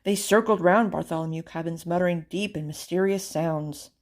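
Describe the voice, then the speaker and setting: A woman reading a children's storybook aloud with expressive, theatrical narration. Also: lowish voice, normal speed. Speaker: storybook reader.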